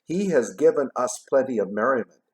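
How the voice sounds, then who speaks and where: A man's voice: medium pitch, expressive, brisk, close to an everyday voice. A man doing a hearty young nephew's toast.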